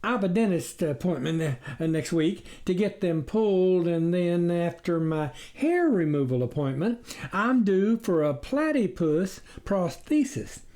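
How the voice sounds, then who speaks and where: A man's voice: high voice, sing-song, a little slow, a little mellow, pitched above the performer's own voice. A man voicing a hairy male wolf who poses as a duck, overly polite and fumbling for excuses. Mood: fawning.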